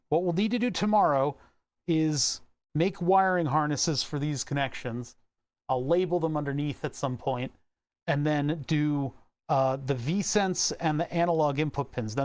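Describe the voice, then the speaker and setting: A man's voice: fairly high pitch, a little mellow. Rambling young man talking while he works. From Delaware County area, Pennsylvania. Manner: rambling, self-talking, playful wordplay. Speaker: electronics hobbyist vlogger. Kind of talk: casual talk while working.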